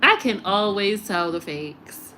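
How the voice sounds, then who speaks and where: A woman tarot reader chatting casually on a live stream, animated and laughing, swearing and mocking, then settling low and slow as she signs off. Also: faint music behind.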